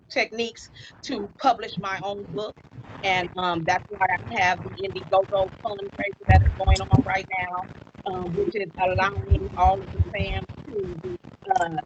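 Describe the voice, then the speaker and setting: Woman in her fifties, interview guest, casual animated storytelling, muffled lo-fi sound, faint hiss. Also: medium pitch. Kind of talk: live-stream interview.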